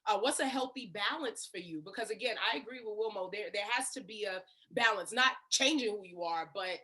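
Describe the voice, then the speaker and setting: Bright upbeat woman moderating a panel. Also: mid-range voice, fairly quick. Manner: upbeat, affirming, slangy. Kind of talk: casual panel discussion.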